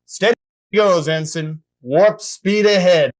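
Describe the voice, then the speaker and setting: A man's voice: high-pitched, takes it slowly. A man playing a pompous starship commander. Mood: self-satisfied. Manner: stiff, self-important commanding tone. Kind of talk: low-budget TV sketch acting.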